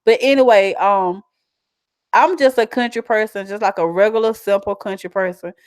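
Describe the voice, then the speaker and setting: Woman vlogger, South Carolina twang, chatty and animated, dry close recording. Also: medium pitch, normal speed, no echo. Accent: South Carolina country twang. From South Carolina, USA. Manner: chatty, animated, laughs often. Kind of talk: casual chat reading viewer comments.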